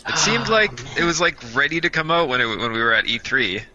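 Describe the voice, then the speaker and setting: A man's voice: fairly high pitch, very animated, a little fast, highs cut off, crowd noise. A man co-hosting a casual podcast, playful and often laughing. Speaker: podcast co-host. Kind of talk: casual chat.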